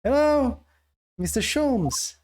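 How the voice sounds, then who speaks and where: A man voicing an earnest young male attorney in a video game, reading his lines in a raised, bright tone. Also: very high voice, expressive, slow pace, a little hiss or hum, voice pushed up, heavily acted. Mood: eager.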